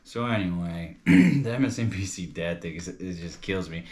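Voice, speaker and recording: A man's voice: low-pitched, moderate pace, hardly any pauses, darkish tone. A young man from New York chatting casually as a comedy reviewer, rambling and loose, calling people bro and dude.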